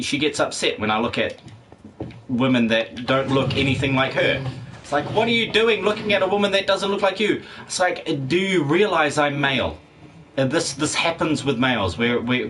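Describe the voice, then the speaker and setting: A man's voice: mid-range voice, fairly bright tone, a little hiss or hum. A middle-aged man, streaming a game and rambling crudely while reading chat aloud. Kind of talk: casual live-stream chat.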